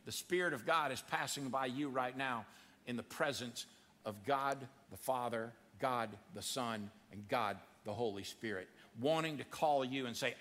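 A man preaching a sermon in a church, acting out the voices in his story with dramatic swings of pitch. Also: moderate pace, long reverb tail. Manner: animated, acts out quotes with big pitch swings. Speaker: pastor. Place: church sanctuary.

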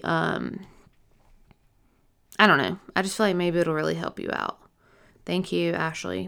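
A young woman sharing her stroke recovery as a personal testimony, emotional and halting, full of fillers and restarts, teary and yawning. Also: fairly low pitch, creaky, fairly bright tone, clear, resonant tone.

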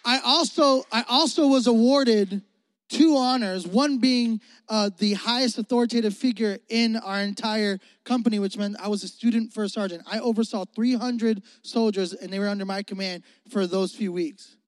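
A man preaching to a youth group in a high, bright-leaning voice. He repeats his key lines with conviction, sometimes loud, sometimes hushed. The voice is close and dry, but a long hall reverb trails behind it. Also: normal speed. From Mississippi. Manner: earnest, repetitive, swings between loud emphasis and hushed intimacy. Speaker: youth pastor. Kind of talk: youth sermon.

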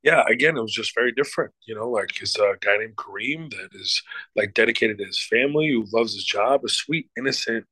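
A man's voice: fairly low pitch, a little fast, pushed and bright, no echo, poor audio. A middle-aged man, an actor and showrunner, answering interview questions in a loose, emphatic way, swearing freely and using many fillers.

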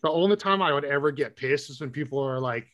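A man's voice: medium pitch, fast talker, fairly bright tone, muffled recording. A man with a Californian accent, chatting casually as a podcast host, slangy and swearing freely. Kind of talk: casual chat.

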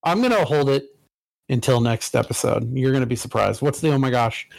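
A man's voice: mid-range voice, fairly quick, creaky, no echo, low-quality recording. A man co-hosting a casual video game podcast, sarcastic and profane, stretching out words for emphasis. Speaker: podcast co-host.

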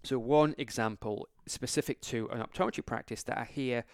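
A man tells a story on his podcast in a casual, animated way, stumbling and restarting as he goes. His voice is smooth and resonant, recorded dry and close with no room sound. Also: medium pitch, fairly quick, no room sound. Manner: chatty, animated anecdote with frequent restarts. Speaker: podcast host and optometrist.

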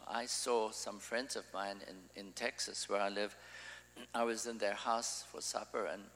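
A man gives a slow, unhurried sermon, teaching in a loose and conversational way. He often circles back and restarts his sentences. His voice rings out with a long reverb, as if in a large hall. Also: lowish voice, a bit bright. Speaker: preacher.

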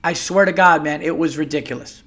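A man with a slightly higher voice tells a comic story as a loose, profane rant. He sounds animated and exasperated as a podcast host. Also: fairly quick.

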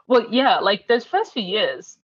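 Husky woman on a muffled line. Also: mid-range voice, big pitch swings, a little slow. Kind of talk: casual chat. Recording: dull, muffled sound.

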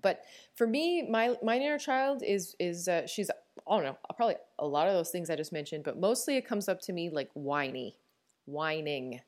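A woman's voice: on the low side, expressive, moderate pace. Newfoundland woman, candid podcast host. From Newfoundland, Canada. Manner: warm and candid, laughs often, frequent fillers and restarts. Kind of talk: reflective personal podcast talk.

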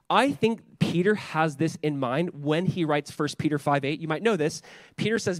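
A male pastor preaching a casual, animated sermon, full of "like" and quick acted-out quotes. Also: fairly high pitch, no echo. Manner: animated, filler-heavy, acts out scripture voices.

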